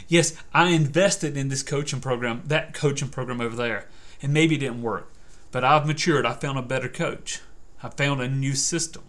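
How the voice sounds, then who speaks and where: A man's voice: medium pitch, normal speed, fairly bright tone. An older man hosting a podcast as a persuasion coach, talking in an emphatic, repetitive motivational style and telling stories.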